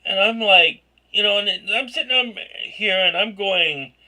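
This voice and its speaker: Man, very high bright voice, slow rambling vlog rant, excitable outbursts. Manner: excitable, rambling, bursts into shouts and laughter. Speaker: vlogger.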